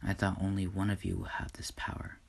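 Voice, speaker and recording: A man doing a hushed, unsure God. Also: on the low side, steady tone, vocal fry. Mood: troubled. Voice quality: hushed, half-whispered. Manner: slow, pondering, sighing hums. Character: God, a soft-spoken, unsure fatherly male deity. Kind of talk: amateur fan-story narration.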